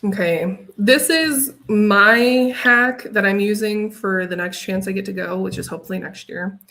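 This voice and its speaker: A woman guest in a casual podcast chat, reflective and halting, with many fillers and sudden lifts in pitch. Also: bright, forceful tone. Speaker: podcast guest, design software user group leader.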